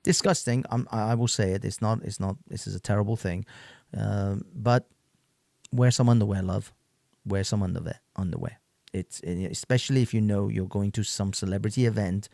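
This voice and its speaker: A man's voice: lowish voice, fairly even intonation, moderate pace, vocal fry, a little mellow, dry recording, studio quality. A man hosting an online stream, reacting to clips in a loose, rambling rant full of repeats and laughs. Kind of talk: casual ranting commentary.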